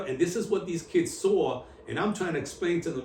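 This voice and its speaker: A man telling his story on camera in an interview, in animated street slang with Spanish mixed in. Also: on the high side, a little fast, hardly any pauses, distant mic. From New York. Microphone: camera at a distance. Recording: echoey room, voice from off-mic, faint hum.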